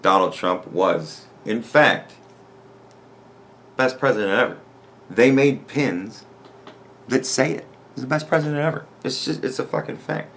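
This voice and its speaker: A man hosting his own podcast, launching into a long, exasperated rant full of swearing and biting sarcasm. His voice sits at an ordinary middle pitch, with a faint hiss of background noise under it. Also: fairly bright tone. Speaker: podcast host. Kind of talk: ranting commentary.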